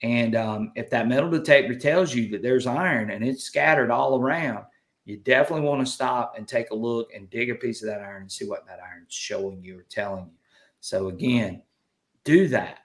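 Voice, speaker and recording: A man's voice: mid-range voice, fairly quick, echoey room. A man with a Southern US accent hosting a casual live chat, folksy and upbeat as he reads out viewer comments. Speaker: livestream host.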